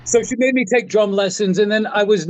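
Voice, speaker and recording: A man telling animated stories in a casual interview, acting out the quotes as he goes. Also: high-pitched, brisk, dry recording. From New York area. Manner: animated anecdote teller, acts out quotes. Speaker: guest, guitar tech.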